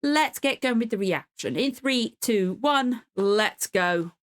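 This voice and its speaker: A woman's voice: a little high, animated, slow pace. Rambling woman chatting to camera. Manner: rambling, swears often, chatty asides. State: in pain and cold. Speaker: reaction channel host. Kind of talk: casual chat to camera.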